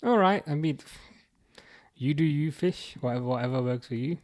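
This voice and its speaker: A man with a Birmingham accent from the UK hosts a football watchalong livestream, reading out viewer comments in a halting, casual way with many restarts. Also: on the high side, a little mellow. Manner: halting, restarts often, chuckles, reads comments aloud. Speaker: livestream host reading chat.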